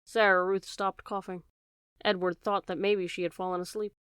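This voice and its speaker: Woman reading a children's book aloud, gentle and steady, crisp tone, dry close sound. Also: mid-range voice, normal speed, no room sound. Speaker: audiobook reader. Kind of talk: storybook narration.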